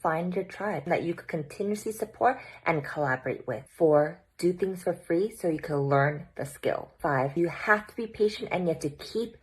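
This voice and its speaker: A woman's voice: on the low side, animated, normal speed, few pauses, a little mellow, breathy edge, low-quality recording. A woman in her thirties, a blogger and businesswoman, giving confident advice to camera as a numbered list. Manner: confident, listing points in order. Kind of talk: scripted talking-to-camera advice.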